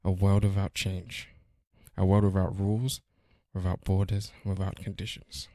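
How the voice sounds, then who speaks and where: A man chats as a podcast co-host, his voice sitting on the low side. Now and then he slips into a slow, hushed recital of film lines. The sound is close and dry. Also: completely flat delivery, dry recording. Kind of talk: casual podcast banter.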